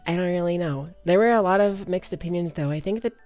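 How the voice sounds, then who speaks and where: A young woman with a slight Valley Girl lilt chats with her live viewers in a bubbly, giggly way, greeting each of them by name. She speaks into a desk microphone. Soft music plays faintly in the background. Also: on the low side, quick pace. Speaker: streamer. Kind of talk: casual chat with live viewers.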